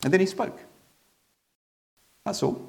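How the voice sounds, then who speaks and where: A man's voice: takes it slowly, lightly acted. A man playing an ordinary congregation member, telling in the first person how an unusual preacher amazed him, in a chatty storyteller manner with hesitant restarts. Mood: storytelling. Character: ordinary man in the congregation, a jaded sermon-dozer left amazed. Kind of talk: first-person dramatic monologue in a sermon.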